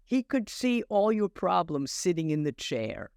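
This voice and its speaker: A woman's voice: on the low side, clean tone, no echo. An older woman, an acting teacher, talking as a podcast guest and telling anecdotes with many restarts and acted-out dialogue. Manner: animated, halting restarts, acts out dialogue in stories. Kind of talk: anecdotal storytelling in conversation.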